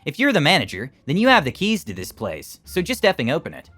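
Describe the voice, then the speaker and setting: Man reading entitled woman shopper, indignant, demanding, lively swinging pitch, bright tone. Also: fast talker, no room sound, faint music behind, exaggerated voice. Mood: angry. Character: rude entitled middle-aged woman shopper.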